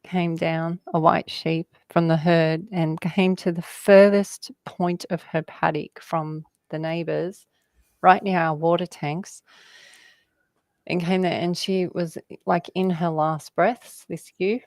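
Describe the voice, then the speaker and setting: A woman appears as a guest in a conversation, slowly meandering through spiritual stories and laughing often. Her voice is on the low side, steady and a little mellow, with no echo.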